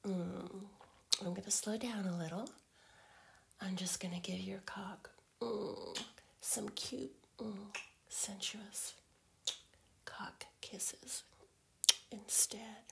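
A woman in a whispered role-play as a girlfriend, teasing in slow, breathy whispers broken by soft hums. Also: medium pitch.

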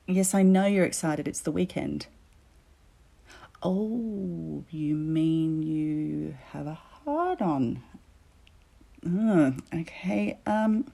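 Woman doing a teasing teacher in an audio role-play, low gravelly voice, slow and drawn out, whispers a lot. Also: heavily acted. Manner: teasing, drops into soft whispers. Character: teasing, commanding female teacher, adult woman.

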